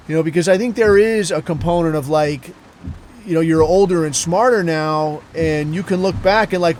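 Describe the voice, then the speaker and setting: A man's voice: high voice, a little fast, a little mellow, slight background noise. A middle-aged man hosting a podcast, talking bluntly in a casual monologue full of swearing and self-questioning. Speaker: podcast host.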